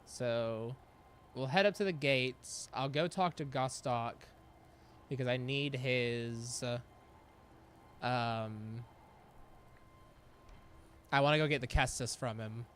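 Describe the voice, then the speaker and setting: A man giving relaxed commentary over his gameplay, at an ordinary middle pitch. He chats away, laughs often and answers back to the characters on screen, with a faint hiss of noise behind him. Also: takes it slowly, long pauses. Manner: chatty, laughs often, talks back at the game. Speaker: gameplay streamer.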